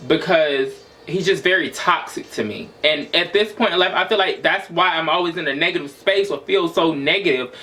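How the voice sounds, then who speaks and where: A man's voice: high-pitched, sharp tone. A man in his twenties venting in a raw, emotional, profane personal monologue for his vlog. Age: 20s. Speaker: vlogger.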